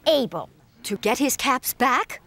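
A woman voicing an enthusiastic female lion who reads a story aloud in an expressive children's TV style. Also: sits high, a little slow, very noisy. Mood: storytelling. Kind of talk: children's TV puppet acting.

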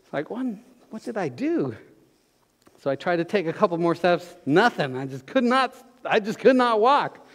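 High-voiced pastor in echoing church. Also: male voice, a little fast. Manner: folksy storytelling, gets loud and excited. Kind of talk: sermon. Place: church sanctuary. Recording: long church hall reverb.

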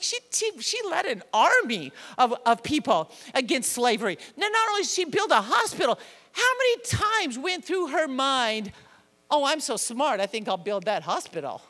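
High-voiced woman preaching in reverberant church. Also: moderate pace. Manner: animated, self-deprecating, acts out quotes. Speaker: pastor. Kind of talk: sermon. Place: church sanctuary with a congregation.

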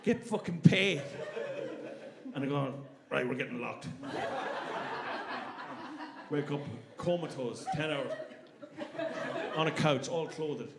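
A man with an Irish accent performing a stand-up comedy set in a club, animated and sweary, acting out characters. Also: a little high, slow pace, pauses often. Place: comedy club with a live audience. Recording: live club with crowd laughter.

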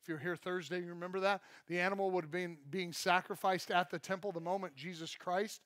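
A man's voice: high-pitched, fairly even intonation, a little fast, fairly bright tone, dry recording. A male pastor preaching a live sermon at a church service, conversational and joking, with self-deprecating asides.

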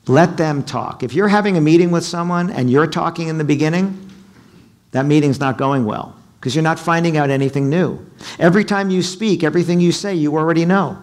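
A middle-aged man giving a sales seminar talk in a hotel conference room, animated and quizzing the audience. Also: fairly high pitch. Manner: animated, asks the audience questions, acts out quotes. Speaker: keynote speaker.

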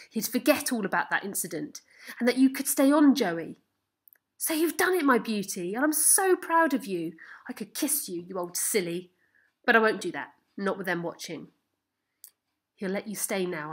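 A woman reading as a gentle fifteen-year-old farm boy. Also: medium pitch, lively intonation, moderate pace, slightly rough. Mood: tender. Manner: tender, coaxing, proud. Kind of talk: storybook reading.

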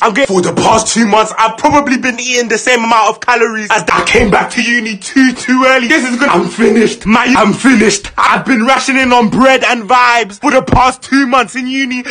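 A man's voice: very high-pitched, sharp tone, slightly rough. A young man, a university student, ranting dramatically about being broke. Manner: dramatic complaining. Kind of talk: vlog rant.

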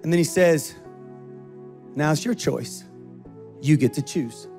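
High-pitched guy pastor preaching easter, acts out the voices, faint music in the back. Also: slow. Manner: animated, acts out quoted voices. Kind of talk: sermon.

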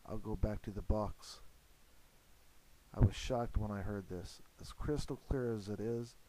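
A man narrating a paranormal investigation in an earnest, steady voice-over, with frequent fillers. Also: fairly low pitch, measured pace, background noise.

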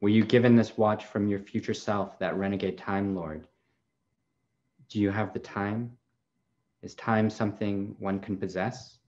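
A man giving a poetry reading, delivering a long, measured, incantatory run of questions. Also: fairly low pitch, steady tone, darkish tone, highs cut off. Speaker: poet.

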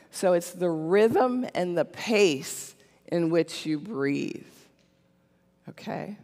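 A church speaker with a medium-pitched voice and vocal fry gives a casual teaching talk in the sanctuary. He stays conversational, often checking in with "okay?", while long hall reverb fills the recording.

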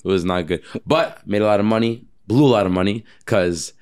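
Deep voiced guy chatting on a podcast, says like a lot, gets animated telling stories. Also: fairly quick, clean tone. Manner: animated storyteller, many fillers. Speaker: guest personal trainer. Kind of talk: casual podcast chat.

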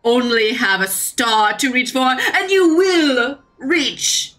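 Woman voicing a pompous, passionate male game hero: bright and raised, big theatrical delivery. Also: a little high, very animated, slow pace, soft background music, pitched above the performer's own voice, full character voice. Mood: grandiose. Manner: grandiose, theatrical speech, voice rising to shouts. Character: lofty, passionate male adventurer guild leader. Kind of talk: playful game character voice-over.

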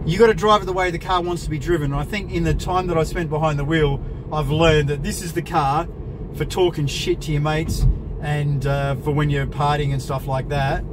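A man's voice: fairly high pitch, normal speed. A middle-aged man chatting casually while driving a car, making wry, crude jokes as he goes. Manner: wry, crude, joking asides. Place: inside a moving car. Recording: road noise from the car.

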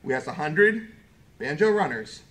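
A man's voice: fairly high pitch, very animated, fairly bright tone. A man hosting a fan-made game show, reading questions and answers in a playful, hammy way. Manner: playful and hammy, quick rundown of rules.

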